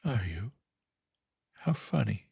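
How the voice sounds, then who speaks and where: A man voicing a vain, distracted young actress woman in a soft, breathy half-whisper. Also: fairly low pitch, very animated, slow pace, dry recording, studio quality, pitched above the performer's own voice, exaggerated voice. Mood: airy.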